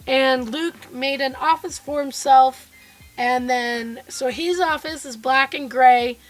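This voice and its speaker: A woman with a high, hoarse, froggy voice chats in an upbeat, rambling way as she greets viewers by name. She sounds like a casual live streamer talking from her home basement studio, with faint music playing behind her. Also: takes it slowly. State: hoarse, froggy voice from being sick. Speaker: quilt designer and live streamer.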